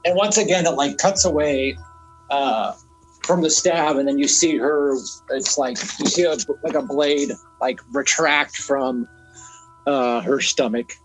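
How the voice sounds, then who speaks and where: A man's voice: on the high side, measured pace, faint music behind, rough recording. Casual swearing podcast guy. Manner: loose, profane, laughs often. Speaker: podcast co-host. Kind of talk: casual movie review chat.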